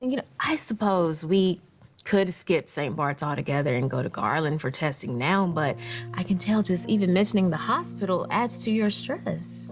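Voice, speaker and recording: Actress as a sweet-talking wife, reassuring, soap clip over soft music. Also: female voice, on the low side, expressive, moderate pace, lightly acted. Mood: coaxing. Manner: coaxing, reassuring. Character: doting, persuasive wife. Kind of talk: soap opera acting. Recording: clip with faint music underneath.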